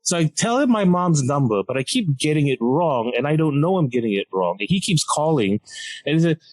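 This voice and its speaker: A man's voice: mid-range voice, a little fast, rough recording. Young man telling a wild story. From Malaysia. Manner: animated, acts out voices of doctors and nurses. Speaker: comedian guest. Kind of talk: storytelling on a podcast.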